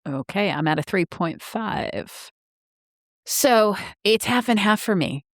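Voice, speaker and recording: A woman co-hosting a book podcast, telling a relaxed anecdote and giving her rating. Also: medium pitch, slow, no echo, clean studio sound. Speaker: podcast co-host. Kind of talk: casual book-club chat.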